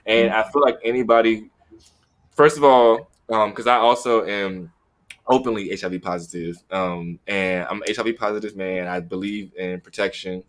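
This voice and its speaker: Young man, low-ish voice, candid and animated, casual podcast chat. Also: normal speed. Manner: animated, acts out what he would say. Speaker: podcast co-host.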